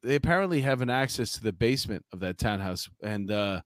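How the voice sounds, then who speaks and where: A man's voice: fairly low pitch, animated, fast talker, no echo, clean studio sound. A man co-hosting a casual news chat, rambling with fillers and restarts as he tells a story. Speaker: podcast co-host.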